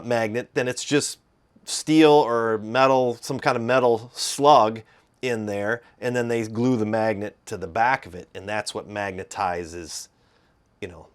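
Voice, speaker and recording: A man's voice: mid-range voice, a bit bright. A man with a Midwestern accent talking casually about gear, rambling with fillers and restarts. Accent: Midwestern American. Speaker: guitar video host. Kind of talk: casual explanatory talk.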